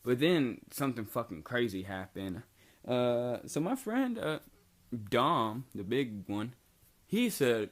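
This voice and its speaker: A man's voice: medium pitch, a little slow. Rambling young man telling a wild story. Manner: rambling, profane, animated, many fillers. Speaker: vlogger. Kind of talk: casual storytelling.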